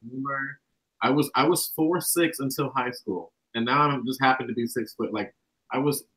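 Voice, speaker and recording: A young man from the American South, a guest talking casually about spirituality, rambling and acting out quotes with animated bursts. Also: mid-range voice, normal speed, poor audio.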